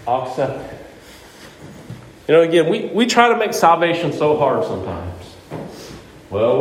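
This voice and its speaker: Man, pastor, sermon, high voice, animated, echoey church, distant mic. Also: slight background noise. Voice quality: conversational, animated preaching with rhetorical questions. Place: church sanctuary.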